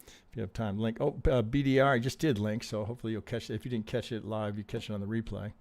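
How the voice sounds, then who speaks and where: Male trading coach on a stream, low mellow voice, swears freely, dry close sound, keeps checking "right?". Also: steady tone, fast talker, no echo. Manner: profane, emphatic, acts out trader reactions, keeps asking "right?". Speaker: trading teacher reviewing charts on a live stream. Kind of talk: animated live-stream chart analysis.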